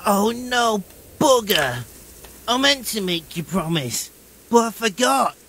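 An actor playing a dim, good-natured young village man in a video game, husky and sheepish. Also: high voice, sing-song, slow, background noise, exaggerated voice.

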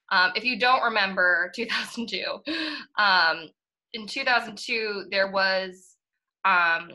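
A woman's voice: medium pitch, sharp tone, low-quality recording. A young woman from the Boston area co-hosting a podcast, chatting casually, emphatic and laughing often. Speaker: podcast co-host.

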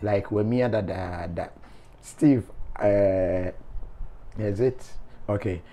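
A man's voice: fairly low pitch, takes it slowly, mellow. Playful man reading comments. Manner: laughing, playful, teasing. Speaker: show host. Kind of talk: reading viewer comments aloud.

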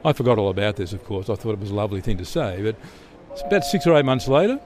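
A middle-aged Australian man answers interview questions with relaxed, chatty stories, often restarting and repeating words. His fairly low voice is expressive and very fast.

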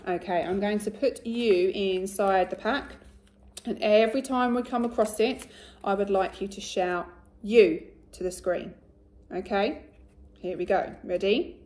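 A woman teacher giving a recorded phonics lesson to young children, speaking slowly and clearly and praising often. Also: mid-range voice, darkish tone. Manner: slow, clear and encouraging, with much praise. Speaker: primary school teacher.

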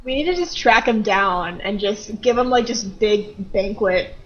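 A woman's voice: mid-range voice, measured pace, dull audio, noisy background. A woman guest on a podcast, chatting playfully and giggling about convention moments. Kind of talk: casual chat.

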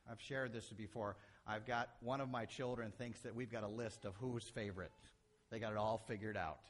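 A middle-aged man preaching a sermon as a pastor, animated, acting out quotes and shifting from loud to soft. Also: lowish voice, moderate pace.

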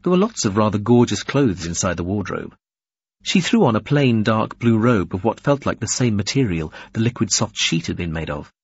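A man narrating an audiobook in an expressive, varied reading. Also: fairly low pitch, normal speed, slightly rough, no room sound, dull audio. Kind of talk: scripted narration.

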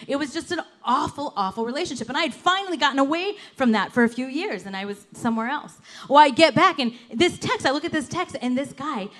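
A woman pastor giving a sermon in an animated, conversational storytelling way, full of casual fillers. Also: sits high, quick pace. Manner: animated, conversational, lots of "like" and "you know".

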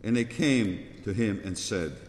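A man narrating the Passion in a steady, measured liturgical reading in a large church. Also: on the low side, heavy background noise. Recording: echoey church with long reverb.

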